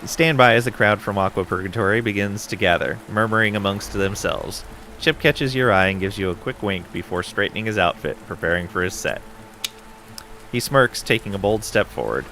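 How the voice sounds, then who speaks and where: A man streaming a casual game playthrough, reading story text aloud in a relaxed way with asides. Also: fairly low pitch, moderate pace, a little hiss or hum. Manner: relaxed, with frequent ums and asides.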